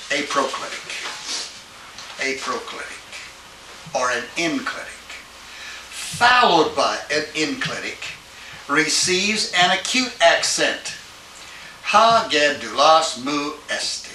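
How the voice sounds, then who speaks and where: An older man teaching Greek grammar in a classroom lecture, patiently checking in with his students as he goes. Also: mid-range voice. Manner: patient, checks in with "all right?". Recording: old tape, roomy and distant with hiss.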